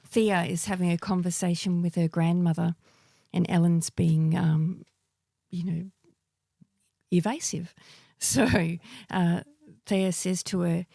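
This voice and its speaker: A woman's voice: fairly low pitch, fairly even intonation, slow pace, creaky, warm tone, no room sound. A woman co-hosting a podcast, asking the questions and giving dry, blunt opinions on a bad movie in casual chat. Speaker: podcast co-host.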